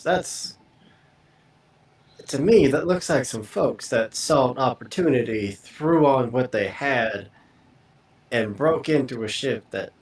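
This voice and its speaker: Tabletop rpg guy thinking out loud, slow, kinda echoey room. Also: medium pitch. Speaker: tabletop player. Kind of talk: casual tabletop role-play talk.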